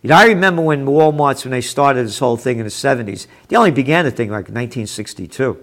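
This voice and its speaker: A man's voice: medium pitch, animated, fast, a bit bright. A man hosting a show, reading news headlines aloud and commenting with sarcastic, profane asides that turn heated. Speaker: host.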